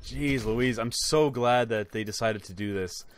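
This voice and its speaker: A man giving excited, chatty commentary while opening game loot boxes, exclaiming loudly at good items and talking to his viewers. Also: medium pitch, a little slow, slight background noise. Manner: chatty, addresses viewers as guys. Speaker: gaming YouTuber.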